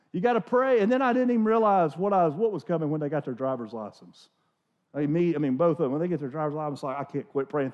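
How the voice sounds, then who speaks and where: Man in his forties, pastor preaching, animated storyteller, somewhat high voice, dull lo-fi recording. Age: 40s. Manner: animated, conversational storytelling with restarts. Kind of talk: sermon.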